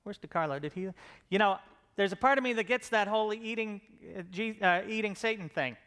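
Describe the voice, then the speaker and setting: Man, higher voice, smooth and clear, joking conference talk, lots of ums. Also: a little fast, a bit bright. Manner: joking, self-deprecating, many fillers and restarts. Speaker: comedy show creator giving a conference talk. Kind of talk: casual comedic talk to a live audience.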